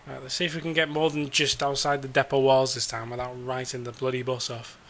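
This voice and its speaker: A man's voice: mid-range voice, little pitch movement, fairly quick, fairly bright tone, slight background noise. A man giving sarcastic, exasperated commentary while playing a game, swearing now and then. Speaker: gamer.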